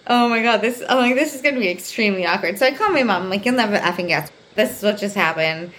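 A young woman telling a story on her own podcast, her voice at a middle pitch and full of "like" and casual swearing. She acts out every quote, jumping high when she plays herself angry. A faint hiss sits under the recording. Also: quick pace. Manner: animated, acts out quotes with big pitch jumps; swears freely, says "like" constantly. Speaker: podcast host. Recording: faint background noise.

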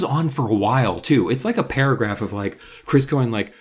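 A man co-hosting a podcast, chatting casually about a book and acting out its characters in sudden high-pitched voices. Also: a little fast, few pauses, breathy edge. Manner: animated, acts out characters in jumpy high voices. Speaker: podcast co-host.

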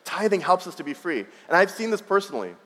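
A man's voice: high-pitched, very animated, quick pace, bright, forceful tone. A man in his thirties preaching a sermon, telling a personal story in a conversational way with frequent restarts. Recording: long reverb of a large hall.

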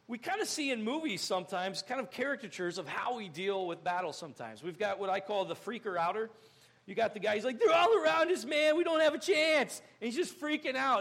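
Young guy pastor preaching, high gravelly voice, acts stuff out, gets loud fast. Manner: animated, acts out scenes with sudden loud outbursts. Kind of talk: sermon. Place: church.

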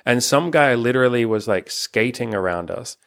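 A man's voice: medium pitch, expressive, normal speed, creaky, clear, resonant tone. A young man hosting a casual couple's chat, talking frankly and rambling, swearing often. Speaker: relationship coach and channel host.

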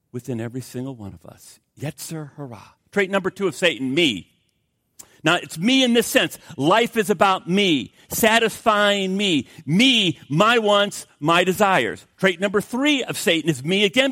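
An older man, a pastor, preaching a sermon with lively storytelling and jokey asides to the congregation. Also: high-pitched, dry recording, studio quality.

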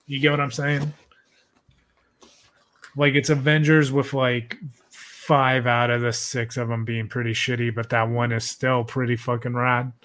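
A man's voice: medium pitch, flat delivery, unhurried, pauses often, a bit bright. Young male podcast host, casual and profane, loose rambling delivery. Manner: profane, laid-back, rambling with many "like"s.

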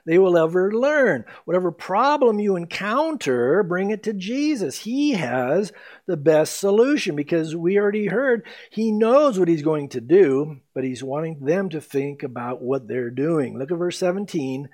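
A man preaching an expository sermon, emphatic, reading scripture slowly and then explaining it. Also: high-pitched, animated, darkish tone. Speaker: pastor.

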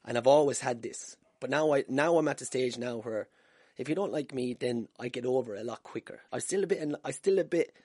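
Husky-voiced Irish podcaster telling stories. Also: male voice, medium pitch, fairly quick, darkish tone, no room sound, clean studio sound. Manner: swearing, self-deprecating, laughing at himself. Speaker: podcast host. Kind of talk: casual solo podcast storytelling. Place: room at home. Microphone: wired podcast mic.

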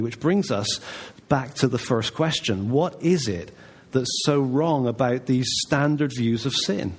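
A man's voice: mid-range voice, measured pace, hardly any pauses, breathy edge. A man preaching a sermon in a church, talking in a conversational, emphatic way. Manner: conversational, emphatic, voices God's replies softly.

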